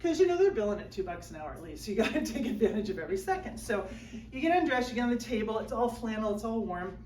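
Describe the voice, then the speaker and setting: A woman's voice: fairly high pitch, sing-song, quick pace, darkish tone. A woman performing a self-mocking stand-up set at a small live comedy show, acting out her own whiny inner voice. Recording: roomy live room, mic a bit distant, faint background noise. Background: audience laughter.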